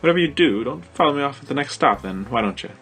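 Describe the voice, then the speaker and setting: Young British girl, playful and inquisitive, read by a man in a higher voice for a storybook. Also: lively intonation, fast talker, a bit bright, soft background music. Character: small young British girl, chatty and teasing. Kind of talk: audiobook-style story reading.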